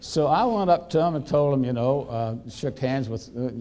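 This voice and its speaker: A man's voice: medium pitch, warm tone. Older man telling a story. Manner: folksy anecdotal storyteller, halting with fillers. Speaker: physician and speaker. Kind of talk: storytelling talk to an audience.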